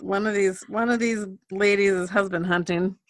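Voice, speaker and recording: A woman co-hosting a podcast, chatting casually in a relaxed way and laughing easily. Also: mid-range voice, moderate pace. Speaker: podcast co-host. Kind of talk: casual chat.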